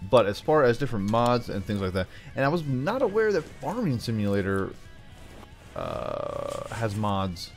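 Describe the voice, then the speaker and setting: A man giving casual, rambling commentary over a game, full of playful asides. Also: fairly low pitch. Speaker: gaming YouTuber.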